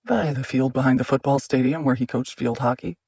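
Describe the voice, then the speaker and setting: Husky-voiced man reading an audiobook. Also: mid-range voice, a little fast, a little mellow, dry recording, muffled recording. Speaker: audiobook narrator. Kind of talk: scripted audiobook narration.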